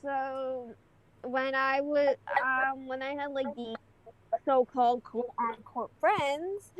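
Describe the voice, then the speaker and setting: High-voiced giggly woman. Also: poor audio. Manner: giggly, animated storyteller. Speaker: podcast co-host. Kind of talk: casual chat.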